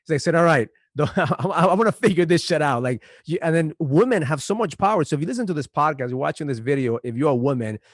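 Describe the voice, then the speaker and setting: A man's voice: on the high side, lively intonation, fast talker, few pauses, dry recording, studio quality. A man hosting a podcast, chatting casually and animatedly with his guest. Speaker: podcast host. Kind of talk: casual interview chat.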